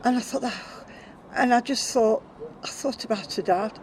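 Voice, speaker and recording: A woman's voice: a little high, moderate pace, low-quality recording. An older woman speaking as an interview guest, candid and emotional, often trailing off with repeated 'and'. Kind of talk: emotional personal storytelling.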